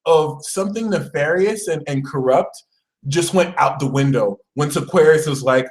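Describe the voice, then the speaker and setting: A man, an astrologer, talking in a casual vlog with animated, comic storytelling. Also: on the high side, normal speed, low-quality recording.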